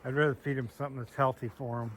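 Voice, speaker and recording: A homesteader shows off his animals in a casual farm walkthrough vlog, strolling around his small farm outdoors and chatting while he talks sweetly to his goats. His voice is medium-pitched and level in tone, and he speaks rapid-fire over slight background noise.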